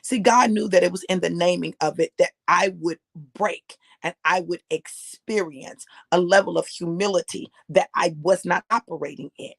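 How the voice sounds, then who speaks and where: Preaching a personal testimony sermon, a middle-aged woman speaks at a moderate pace in a fairly low, gravelly and husky voice. Conversational in tone, she keeps circling back and repeating phrases for emphasis, and the close, dry recording has no room sound.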